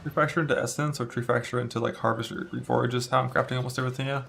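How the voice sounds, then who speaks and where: A man's voice: medium pitch, fairly even intonation, rapid-fire, vocal fry, fairly bright tone, a little hiss or hum. A male game streamer chatting casually and profanely while he plays, rambling with many fillers and annoyed by a broken retainer in his mouth. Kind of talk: casual live-stream chat while playing.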